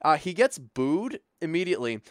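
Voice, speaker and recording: A young man with a slightly higher voice retells a movie scene by scene in loose, animated chat. He fills his talk with "like" and "uh" and acts out lines as he goes. The sound is dry and close. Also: moderate pace, no room sound. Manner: animated, lots of filler words, acts out lines. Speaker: podcast co-host recapping a movie. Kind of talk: casual chat.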